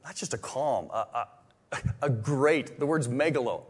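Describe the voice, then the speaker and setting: A man preaching a sermon in a conversational way, full of restarts, swinging from loud exclamations to hushed whispers. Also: mid-range voice, animated, a little slow, breathy edge. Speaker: pastor.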